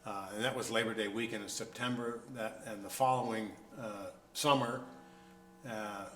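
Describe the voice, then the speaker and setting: A man's voice: fairly low pitch, steady tone, normal speed, a bit bright. A man being interviewed as a musician, telling stories in a casual way with wry, self-deprecating humor. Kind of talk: casual anecdotal storytelling. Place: event venue, indoors. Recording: roomy echo, faint background noise.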